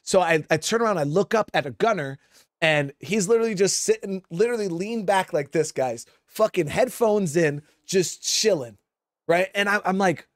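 A man's voice: high-pitched, animated, normal speed, dry recording, studio quality. Profane man telling a war story. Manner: profane, rambling, keeps addressing listeners as guys. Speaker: Marine veteran storyteller. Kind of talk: casual spoken storytelling.

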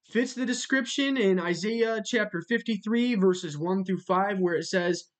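A speaker giving a religious monologue in a measured way, spelling out words letter by letter and repeating them for emphasis. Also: mid-range voice. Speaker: religious video narrator.

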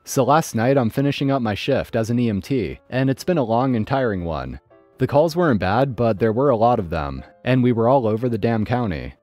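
A man's voice: medium pitch, animated, fairly quick, a little mellow, no room sound, soft background music. A man narrating online stories in a scripted, storytelling read.

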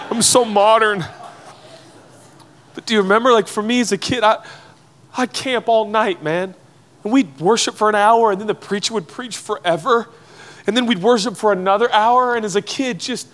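A man's voice: high-pitched, fairly bright tone. A man in his thirties preaching a sermon to pastors, earnest and emotional as he tells a personal story. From United States. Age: 30s. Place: conference hall before an audience of pastors.

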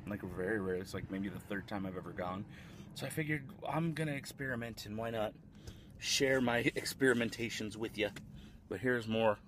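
A man's voice: on the low side, normal speed, a bit bright, slight background noise. Chatty man vlogging a food tasting. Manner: chatty, rambling, eating while talking. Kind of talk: casual food-tasting vlog. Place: fast food restaurant.

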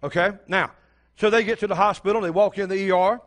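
Older man, pastor preaching, storytelling, high-pitched. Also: fairly even intonation, fast, fairly bright tone. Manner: storytelling preacher, addresses the congregation directly. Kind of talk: sermon.

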